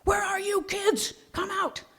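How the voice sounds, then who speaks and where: A woman's voice: extremely high pitch, little pitch movement, unhurried, a bit bright, voice pushed up. A woman voicing an angry middle-aged father who bellows, then turns frantic.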